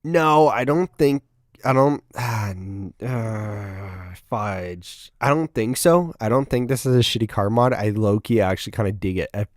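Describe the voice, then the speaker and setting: A man's voice: on the low side, measured pace, no room sound, clean studio sound. A young man hosting a casual reaction video, blunt and profane, mocking what he sees with sudden outbursts.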